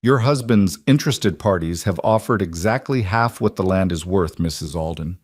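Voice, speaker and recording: A man's voice: low voice, lively intonation, normal speed, a little mellow, husky, no room sound, studio quality. A man doing a firm young ranch woman. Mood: defiant. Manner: firm, clipped and precise.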